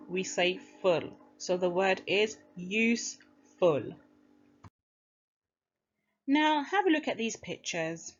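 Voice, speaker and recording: A woman teacher giving a phonics lesson to young children, speaking clearly and encouragingly and sounding out each word. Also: medium pitch, lively intonation, takes it slowly, long pauses, muffled recording, faint music behind.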